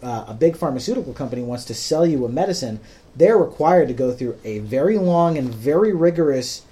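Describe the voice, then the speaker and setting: Guy hosting a podcast, relaxed dark voice, explains stuff slowly w lots of ums. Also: medium pitch. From United States. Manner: patient, plain-spoken explaining with frequent ums. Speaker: podcast host. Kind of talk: casual explanatory podcast talk.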